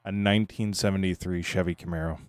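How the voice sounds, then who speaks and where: A man streaming live, chatting casually and greeting viewers by name, tired and relaxed. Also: low voice, fast talker, dry recording.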